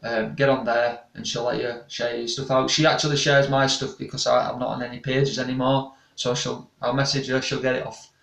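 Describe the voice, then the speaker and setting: A man's voice: mid-range voice, little pitch movement, a little fast, vocal fry, hardly any pauses, a bit bright. A young man, a paranormal investigator chatting casually with viewers and reading comments, rambling and restarting often. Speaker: paranormal investigator and channel host. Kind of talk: casual live-stream chat reading comments. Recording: echoey room, distant mic.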